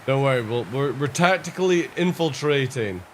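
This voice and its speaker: A man's voice: mid-range voice, animated, moderate pace, slight background noise. A man streaming live gameplay commentary, ranting, swearing a lot and laughing at the game's flaws. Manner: frustrated, swearing constantly, breaks into laughter.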